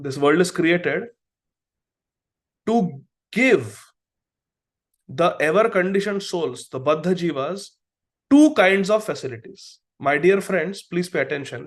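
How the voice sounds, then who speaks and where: This is a middle-aged man teaching a devotional class, and his speaking voice sits on the high side. He talks earnestly and builds his points through stories from his work as a doctor. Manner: earnest, storytelling with acted quotes. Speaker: preacher and physician.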